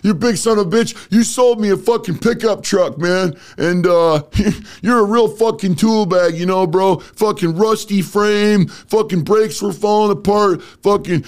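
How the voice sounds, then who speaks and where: A man voicing a belligerent drunk customer who shouts curse-laden insults. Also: high voice, pitched above the performer's own voice, natural voice. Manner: loud, cursing, slurring insults.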